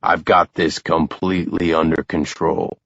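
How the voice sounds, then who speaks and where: A man's voice: a bass voice, flat delivery, measured pace, creaky, fairly bright tone, no room sound, lo-fi sound, full character voice. A man voicing a tired young new father who banters casually with his friend in an audiobook. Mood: easygoing. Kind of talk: audiobook character voice.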